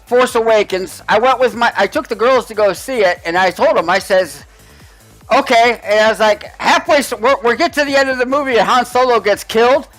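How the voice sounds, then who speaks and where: Rambling high-voiced man chatting. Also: a little fast, fairly bright tone, faint music behind, rough recording. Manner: rambling, restarts often, swears casually. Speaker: podcast co-host. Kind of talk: casual chat.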